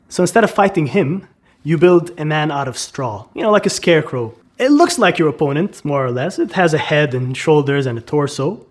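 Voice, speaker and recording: A man explaining an idea emphatically, asking rhetorical questions and repeating key words for stress. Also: fairly high pitch. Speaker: educator. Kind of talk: explanatory commentary.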